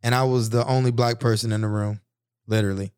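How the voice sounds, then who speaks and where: A man's voice: mid-range voice, fairly even intonation, fast, a little mellow, smooth, no room sound, studio quality. A man in his thirties telling personal stories in an earnest, reflective, conversational monologue. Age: 30s. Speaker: podcast host.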